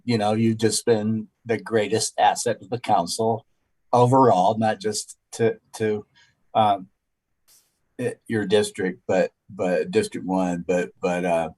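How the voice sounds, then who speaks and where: A man, a city councilor, giving an informal tribute at a council meeting, halting with many fillers and restarts. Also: on the low side, a little mellow.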